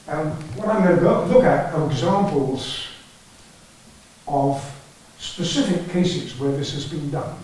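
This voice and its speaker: A man's voice: a little high, a little slow, a little mellow, far from the mic. Older man lecturing in an echoey hall. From England. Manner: dry wry humour, storytelling. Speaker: archaeology lecturer. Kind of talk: conference lecture with slides. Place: conference hall. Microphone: lectern or headset mic, battery trouble.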